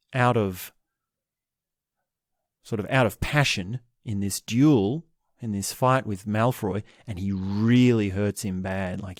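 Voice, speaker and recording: Male podcast host, low-pitched, unhurried, reflective book commentary, dry close sound. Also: a little mellow, dry recording. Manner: slow, reflective, halting with restarts.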